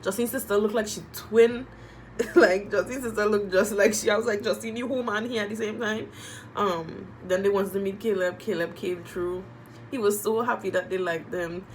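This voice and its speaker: A woman reviewing a reality TV episode in casual chat, animated and emotional, repeating phrases and using slang. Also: mid-range voice, normal speed, a little hiss or hum, low-quality recording. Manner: moved and emotional while talking.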